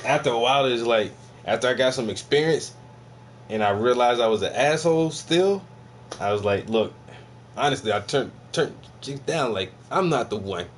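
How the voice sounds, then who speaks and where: Riffing mockingly on a podcast clip, this American man swears freely and laughs a lot as he rants in his video commentary. His medium-pitched voice has lively intonation and a normal speed, over slight background noise.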